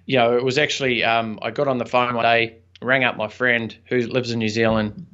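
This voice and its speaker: A man's voice: medium pitch, flat delivery, brisk, bright, forceful tone. A young man, a podcast guest and entrepreneur, telling a personal story in an earnest, reflective, chatty way with some fillers. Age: young adult. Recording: slightly dull lo-fi audio.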